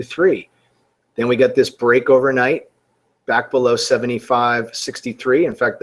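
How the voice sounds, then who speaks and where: A middle-aged man giving a forex trading webinar, talking casually with sarcastic asides and frequent restarts. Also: mid-range voice. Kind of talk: webinar market commentary.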